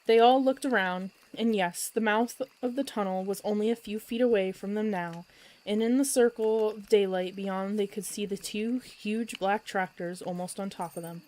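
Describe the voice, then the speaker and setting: A woman narrates a children's book as a bedtime story, with expressive and lively delivery. She reads steadily as a storyteller at a medium pitch. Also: moderate pace, rough recording.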